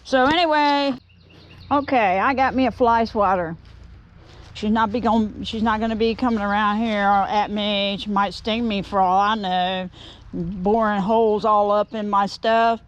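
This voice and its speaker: A woodturning vlogger with a medium-pitched voice and steady tone rambles to viewers at a moderate pace while working in an outdoor workshop, at one point shooing away a bee. The audio sounds dull.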